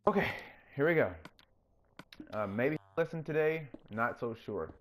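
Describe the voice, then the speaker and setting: A man hosting his own gaming channel, chatting casually through his gameplay and getting openly excited when things work. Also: unhurried. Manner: coaxes the game character in a higher, playful voice.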